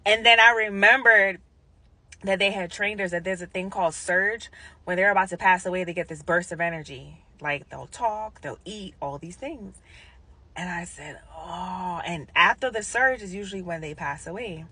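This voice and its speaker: A woman, a hospice nurse, telling a story casually to camera and acting out the quotes with big jumps in pitch and whispers. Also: normal speed, bright, forceful tone, husky, no room sound.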